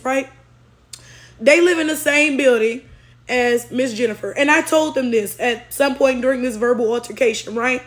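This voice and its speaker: A woman telling a story in a casual rant, blunt and heavily profane, often checking in with tag questions. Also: high-pitched. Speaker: storytelling vlogger.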